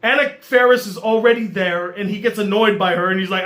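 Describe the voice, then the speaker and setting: A man reviewing a movie in an exasperated, animated rant. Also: high-pitched, normal speed, few pauses. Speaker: movie critic.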